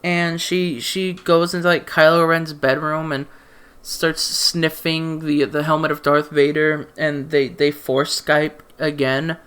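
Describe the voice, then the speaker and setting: A man's voice: on the high side, little pitch movement, slow, fairly bright tone, clean tone. A man ranting about a movie in a casual, rambling way, stammering through restarts and sounding exasperated and sarcastic. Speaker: movie reviewer. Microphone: desk mic.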